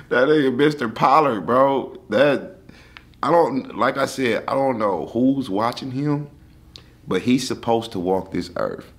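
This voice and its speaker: A man hosting a podcast in casual chat, blunt and quick to laugh as he reacts to his guest. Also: mid-range voice, breathy edge. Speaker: podcast host.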